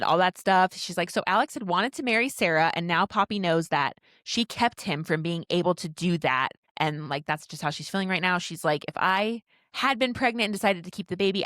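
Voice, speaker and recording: A woman's voice: lowish voice, dry recording, clean studio sound. A woman co-hosting a book podcast, giggling as she retells a romance novel's plot and acts out the characters' lines. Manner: giggly, animated retelling with quoted dialogue. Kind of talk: casual recap of a romance novel.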